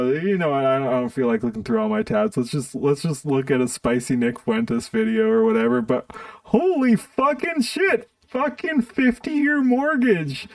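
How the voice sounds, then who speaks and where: Guy on a stream swearing a lot and ranting, kinda high voice, gravelly, dry mic a bit far off. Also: no room sound. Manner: profane, exasperated ranting. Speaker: livestreamer reacting to videos. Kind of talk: casual stream commentary.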